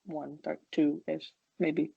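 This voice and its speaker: A young woman from New Jersey chats excitably on a podcast. Her voice is low-pitched and husky. It is caught dry and a little dull on a lo-fi mic. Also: drawn-out words, no echo. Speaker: podcast co-host. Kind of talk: casual chat.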